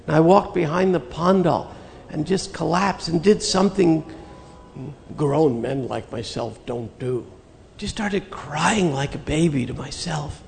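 An older man telling a personal spiritual story in an earnest, reflective way, with slow pauses. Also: a little high, creaky, a little mellow, big-room sound, slight background noise. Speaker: spiritual teacher recounting memories.

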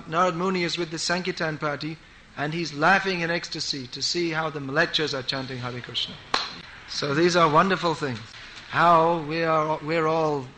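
Male preacher, emphatic storytelling sermon, slightly high, bright tone. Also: slight background noise, poor audio. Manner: emphatic storytelling, repeats for stress.

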